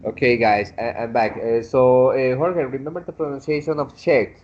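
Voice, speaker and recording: A man's voice: mid-range voice, steady tone, moderate pace, darkish tone. Guy teaching english online, patient, lots of uhs, kinda muffled lo-fi sound. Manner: patient, corrective, frequent hesitations. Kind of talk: online class instruction.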